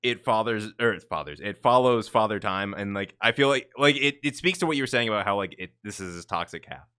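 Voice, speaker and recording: A man with a very low voice co-hosts a casual music podcast. His tone comes through bright and crisp, and his talk is laid-back and hedging, full of fillers. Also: lively intonation, quick pace. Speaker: podcast co-host. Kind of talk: casual chat about music.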